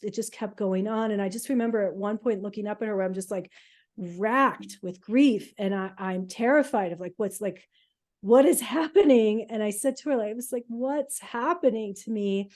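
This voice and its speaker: A middle-aged woman, a podcast co-host, telling her own healing story in an emotional, halting way with many fillers. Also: mid-range voice, mellow. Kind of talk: casual personal storytelling.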